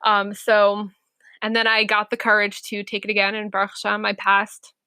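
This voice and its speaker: A young woman co-hosting a podcast, telling a story in a casual, animated way, acting out quotes and laughing often. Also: mid-range voice, normal speed, clean tone, no echo. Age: young adult. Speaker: podcast co-host.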